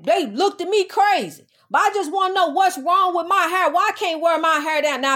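A woman's voice: sits high, fairly bright tone. A middle-aged woman hosting her own podcast, talking in an emphatic, preachy, repetitive way about growth and the spirit world. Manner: emphatic, preachy, repeats itself. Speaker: podcast host. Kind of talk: casual spiritual talk.

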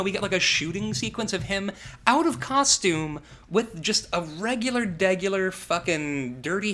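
Man, podcast co-host, casual horror movie chat, sarcastic, profane, animated pitch, bright sharp tone. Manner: animated, profane, sarcastic recapping with acted-out quotes.

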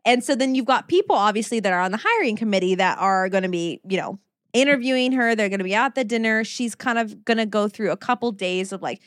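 A woman's voice: mid-range voice, animated, fast talker, no echo, clean studio sound. A woman co-hosting a podcast, retelling a book in casual chat and acting out the characters' lines. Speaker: podcast co-host.

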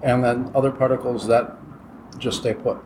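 A man's voice: mid-range voice, little pitch movement, moderate pace, darkish tone, poor audio. Man, chocolate maker guest, casual podcast chat, plain explaining, faint room hum. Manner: explains tasting steps plainly, laughs easily.

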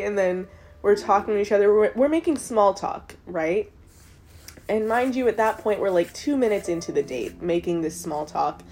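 Chatty profane young woman telling a story. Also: medium pitch. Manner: profane, chatty, heavy use of "like". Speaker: show host. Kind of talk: casual storytelling.

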